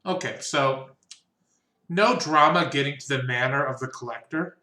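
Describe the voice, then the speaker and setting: A man runs a horror-fantasy tabletop game, narrating with a crisp, bright tone. He chats loosely, laughs easily and trips over the odd name. His voice rings in an echoey room. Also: mid-range voice, moderate pace. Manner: chatty, laughs easily, stumbles over names. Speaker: game master.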